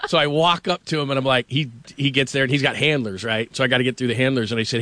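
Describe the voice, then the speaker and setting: A man hosting a sports radio show, rambling through anecdotes with quick laughs. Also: medium pitch, steady tone, fairly bright tone, no room sound. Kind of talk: casual radio banter.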